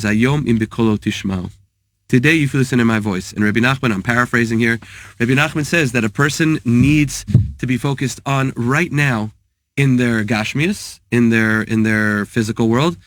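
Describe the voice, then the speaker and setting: A man speaks as a guest therapist, thoughtful and halting, pausing often and dropping in Hebrew words. His voice sits at an ordinary middle pitch. The sound is dry and close. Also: no echo. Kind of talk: casual talk with teaching.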